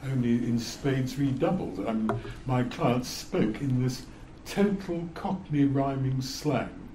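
A man's voice: mid-range voice, slow pace, background noise. An older man, a former lawyer, telling stories in a wry, amused way as a guest speaker. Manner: wry, amused, chuckles through his stories. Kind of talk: anecdotal storytelling. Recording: roomy echo.

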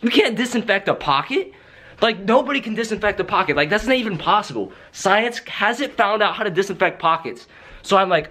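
A young man ranting comically to camera, rambling and excitable, stringing thoughts with constant fillers and checks on the listener. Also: high-pitched, a little fast. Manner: rambling, excitable, fills with "like" and "right?". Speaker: vlogger. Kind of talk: comedic rant to camera.

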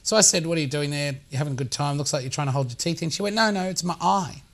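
Joking man telling a road story. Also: on the high side. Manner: quick jokey, laughs through his own stories. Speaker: comedian guest. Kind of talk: stand-up style storytelling.

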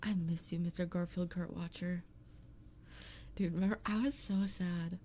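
Woman, livestreamer, casual chat, mellow tone, blunt, frequent swearing, home streaming mic. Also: fairly low pitch, steady tone, normal speed, a little hiss or hum. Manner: blunt, swears a lot, playful grumbling. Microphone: streaming microphone.

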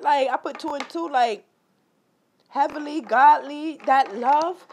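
A woman vlogging a candid personal story, animated and profane, leaping into high exclaimed quotes and talking straight to her viewers. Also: moderate pace. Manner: repetitive filler-heavy talk addressing viewers directly.

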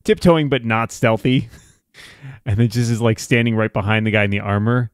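A man's voice: fairly low pitch, steady tone, moderate pace, smooth, no room sound, studio quality. A man playing a tabletop game, chuckling as he counts out his character's moves aloud. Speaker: player.

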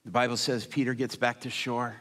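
Give me a dramatic male preacher with a bright, ringing voice. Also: medium pitch, level tone, a little fast. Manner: dramatic, acts out scenes with humor. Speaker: guest preacher. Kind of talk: animated sermon storytelling.

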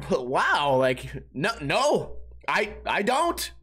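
A man's voice: high voice, sing-song, slow, fairly bright tone, husky. Profane, rambling male podcast host. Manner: rambling, profane, acts out people he quotes. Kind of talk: casual solo storytelling monologue.

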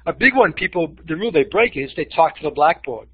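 A man leads a teaching webinar, his voice a little husky and set a touch high for a man. He leans on emphasis and contrast as he speaks. The sound is dry and dull, like lo-fi webinar audio. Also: quick pace. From Boston. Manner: expressive, uses voice for emphasis. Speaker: webinar presenter.

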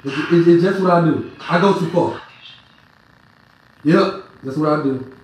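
A hoarse speaker, ranting excitably and trash-talking as a sports fan commentator. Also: medium pitch, a little slow, slight background noise. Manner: animated, excitable, heckling. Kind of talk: trash-talking reaction rant. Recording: echoey room.

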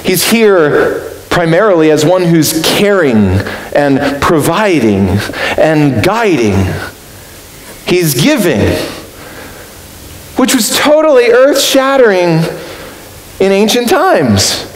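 A man preaching a sermon as pastor, earnest and reflective, lifting his voice high for emphasis. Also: very animated, slow. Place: church sanctuary. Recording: roomy echo with faint hiss.

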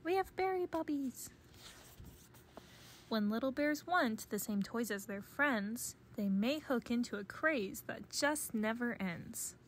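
A woman narrating a children's picture book read-aloud in a gentle, measured storytelling voice. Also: a little high, a little hiss or hum. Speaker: storybook reader.

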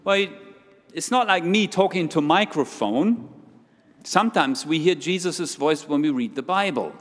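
Here the same children's talk unfolds at normal speed, the man's voice on the high side with lively intonation. He moves about the church, playfully questioning the youngsters, and the hall adds a long reverb.

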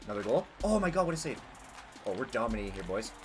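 Excitable young man commenting on gameplay. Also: lowish voice, fast talker, music in the background. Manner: excitable, swears, yells at big plays. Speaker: gaming youtuber.

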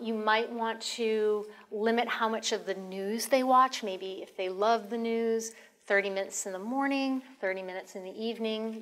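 Calm, gentle woman health educator. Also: fairly high pitch. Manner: calm, instructive, softens into a gentle tone when modeling reassuring phrases. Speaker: marriage and family therapist presenting a caregiver talk.

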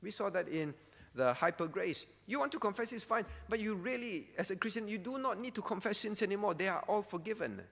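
A man preaching a sermon as pastor, earnest and pleading, often sinking to a soft voice. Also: high-pitched, expressive, fairly quick, vocal fry, long reverb tail. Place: church.

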